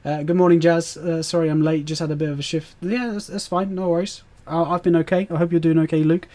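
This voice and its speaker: Chatty British streamer, mellow voice. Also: male voice, fairly high pitch, level tone, fast talker. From Britain. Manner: chatty and rambling, answering chat with fillers and laughs. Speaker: gaming streamer. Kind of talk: live stream chat.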